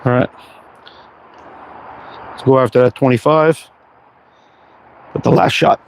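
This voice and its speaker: A middle-aged man casually chatting on a livestream as he shoots, relaxed and self-deprecating. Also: medium pitch, measured pace, poor audio. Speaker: slingshot livestream host. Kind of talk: casual live-stream chat while target shooting.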